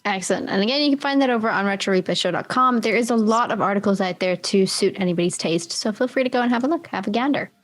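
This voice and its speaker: A woman's voice: mid-range voice, fast talker, few pauses, soft background music. A woman hosting a casual gaming podcast over a video call, chatty, laughing often and swearing casually. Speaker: podcast host.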